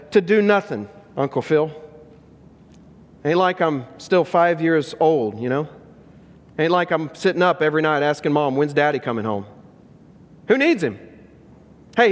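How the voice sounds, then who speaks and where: A man's voice: sits high, moderate pace, close to an everyday voice. A man voicing a hurt teenage boy who hides his pain behind defiant bravado. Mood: bitter bravado. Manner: defiant, mocking, rising and pleading. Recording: long reverb of a large church hall.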